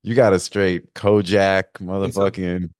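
A man's voice: low-pitched, little pitch movement, measured pace, a little mellow, dry recording, studio quality. A man hosting a casual video-call show, joking loosely with slang and lots of fillers. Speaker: podcast host. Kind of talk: casual chat. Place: Florida.

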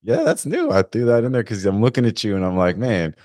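Joking laid-back host with lowish voice. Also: male voice, fast talker, darkish tone, no room sound, studio quality. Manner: loose, joking, full of fillers and slang. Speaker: podcast host. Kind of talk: casual chat. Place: Florida.

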